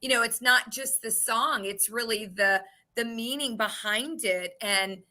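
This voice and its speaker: A woman's voice: on the high side, unhurried, bright, forceful tone. A woman co-hosting an interview, gushing with praise and getting emotional. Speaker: co-host. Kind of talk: casual interview chat.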